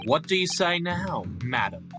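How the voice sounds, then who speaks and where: A man's voice: high voice, expressive, a little slow, music in the background, voice pushed up. A man voicing a stern, commanding middle-aged British lord in a courtroom game. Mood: grave. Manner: grave, commanding, clipped.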